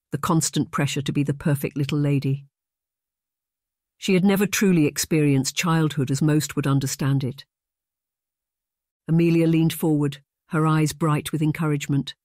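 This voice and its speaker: In clean, dry studio sound, an audiobook narrator with a mid-range voice reads a romance novel from a script. The storytelling is steady and measured throughout.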